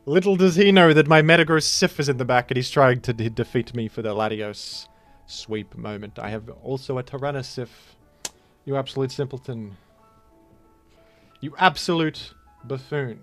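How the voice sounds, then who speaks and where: A man's voice: medium pitch, normal speed, fairly bright tone, no room sound. Young man, casual gameplay commentary, mock-boastful trash talk, dry close sound, faint music underneath. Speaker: competitive game player.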